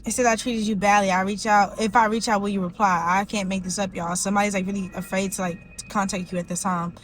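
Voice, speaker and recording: A woman's voice: mid-range voice, level tone, fast, a little hiss or hum, rough recording. Rambling woman giving a tarot reading. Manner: rambling, heavy use of "like" fillers. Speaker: tarot reader.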